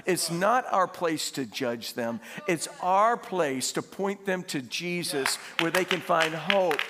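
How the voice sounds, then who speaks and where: A man preaching a sermon, animated and laughing as he tells stories and asks the congregation questions. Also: fairly high pitch, slow. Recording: long hall reverb.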